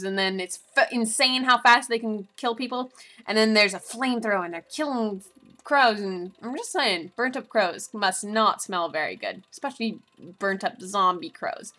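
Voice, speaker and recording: A woman's voice: a little high, moderate pace, bright, forceful tone. A woman vlogger giving a rambling, casual recap of a movie, full of asides and giggles.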